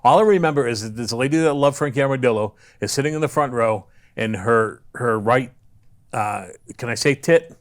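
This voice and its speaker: A man's voice: mid-range voice, normal speed. A man, a former wrestler, telling rambling stories with crude jokes as a guest on a casual podcast. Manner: rambling storyteller, crude joking, restarts often.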